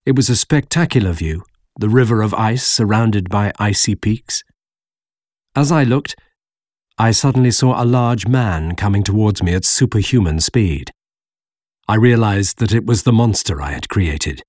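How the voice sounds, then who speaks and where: A man narrates a story in the first person with slow, measured care. His voice is low, gravelly and husky, and it rises and falls expressively. The recording is close and dry. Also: expressive, a little mellow, dry recording. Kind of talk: scripted audiobook narration.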